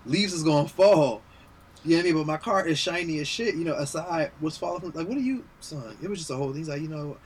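A man with a slightly higher voice tells a story in a rush of slang and curses, animated and worked up. Faint room ambience sits behind him. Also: fast, a little hiss or hum. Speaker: podcast co-host. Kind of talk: casual podcast chat.

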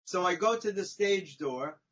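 A man, a podcast guest, telling a long personal story in a chatty, animated way, often tagging his sentences with "right?" and "you know?". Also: sits high, a little slow, husky, low-quality recording. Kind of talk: conversational storytelling.

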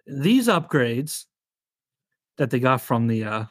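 A man's voice: medium pitch, sing-song, slow, dry recording, clean studio sound. A man hosting a podcast in casual chat, reading out notes, joking, laughing often and swearing. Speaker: podcast host.

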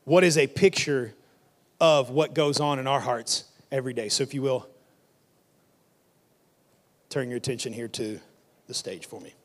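Brief: male pastor, relaxed sermon delivery, mid-range voice, reads scripture. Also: medium pitch, moderate pace, long pauses. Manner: conversational preaching with scripture reading.

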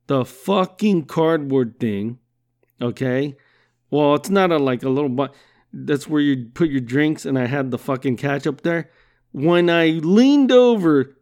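A man with a slightly higher voice hosts a podcast, spinning loose comedic stories packed with swearing. He laughs through his lines and jumps from mumbles to sudden loud bursts as he gets worked up. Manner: profane, rambling, laughs often. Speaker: podcast host. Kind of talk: casual comedic monologue.

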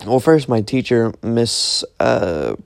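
A man's voice: medium pitch, animated, takes it slowly, vocal fry, smooth, dry recording, clean studio sound. A young man casually retelling a dream, rambling with lots of fillers and restarts. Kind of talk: casual storytelling, recounting a dream.

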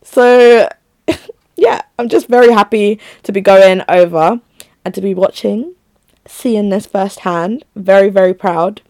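A woman's voice: medium pitch, takes it slowly, darkish tone, dry recording, clean studio sound. A young woman chatting casually on her own to her listeners, rambling and giggly. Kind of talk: casual solo chat to listeners.

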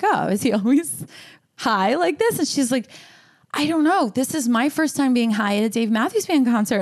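Animated, laughing woman doing stand-up. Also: a little high. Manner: animated, laughing storyteller with voiced asides. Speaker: stand-up comedian and co-host. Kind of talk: stand-up set on a podcast.

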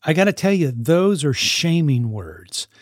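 A man's voice: a little high, big pitch swings, measured pace, no echo, studio quality. A man who mentors teenagers gives an earnest parenting talk, often repeating and restarting his phrases. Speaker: youth mentor living with teens.

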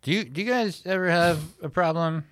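A man's voice: sits high, a little fast, fairly bright tone. A man co-hosting a comedy podcast, telling rambling stories in casual chat, often stopping and restarting mid-sentence. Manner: rambling, self-interrupting storyteller. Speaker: podcast co-host.

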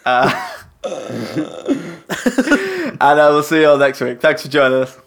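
A man's voice: mid-range voice, slow, gravelly. A man hosting a podcast in casual chat, teasing the others as he wraps up the show. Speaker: podcast host.

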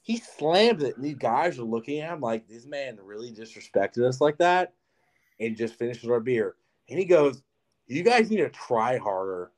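Medium in pitch and normal in speed, a young male podcast co-host recounts a story through loose, foul-mouthed, lively chatter peppered with "like."

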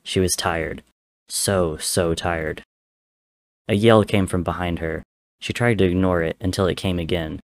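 A man with a very low voice reads a story aloud. His delivery is measured and dramatic, with steady pacing through the narration. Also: no echo.

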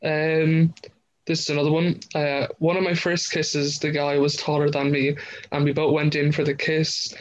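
A man's voice: a little high, little pitch movement, normal speed. A young man co-hosting a podcast, reading out listener stories in casual chat and laughing often. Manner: reads out stories with frequent laughter. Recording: dull lo-fi sound with faint hiss.

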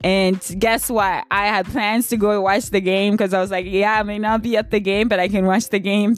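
A woman's voice: medium pitch, fairly even intonation, moderate pace, few pauses, soft background music. A young woman telling a personal story in a candid, blunt, emotional way, laughing often. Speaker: vlogger. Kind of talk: casual storytime.

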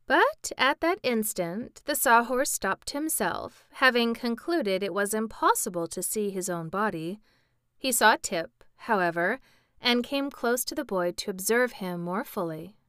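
A woman reading a children's book aloud in a calm, measured way. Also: medium pitch, clean tone, no echo, clean studio sound. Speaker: storyteller.

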